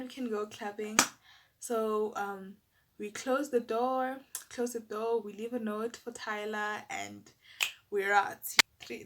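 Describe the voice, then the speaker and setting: A young South African woman telling a personal story to camera in a casual, animated, exasperated way. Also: on the high side, heavy background noise. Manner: animated, exasperated, lots of fillers and asides to viewers.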